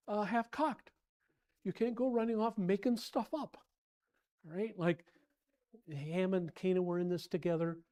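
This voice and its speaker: A man teaching an informal Bible class in a church, rambling and animated, often repeating himself and sounding exasperated. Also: fairly high pitch.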